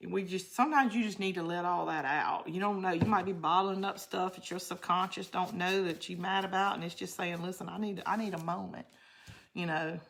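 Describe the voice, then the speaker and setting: A bright, forceful voice belongs to a middle-aged woman. She chats loosely and rambles from one thought to the next. She answers her viewers directly as she works on a craft. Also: fairly low pitch, fairly quick, vocal fry, few pauses, slight background noise. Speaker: craft channel host. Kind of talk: casual livestream craft chat.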